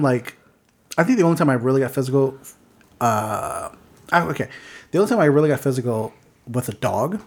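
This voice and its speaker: A man co-hosting a podcast, chatting casually, rambling and laughing often as he restarts his sentences. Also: medium pitch. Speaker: podcast co-host. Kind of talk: casual chat.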